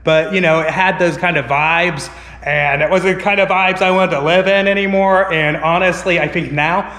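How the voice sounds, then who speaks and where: A man vlogging casually to camera, rambling with lots of filler words, his voice a little hoarse. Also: high voice, fairly even intonation, normal speed, pushed and bright. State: slightly hoarse. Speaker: vlogger and online reseller. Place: inside a house. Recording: echoey room with long reverb.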